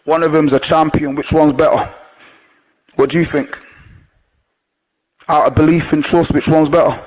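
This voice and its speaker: A man who trains older people, giving an energetic motivational talk to a live audience, telling stories and putting questions to the crowd. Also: fairly high pitch, moderate pace, poor audio. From Jamaican heritage. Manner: energetic storyteller, asks the audience questions, sings snatches of songs.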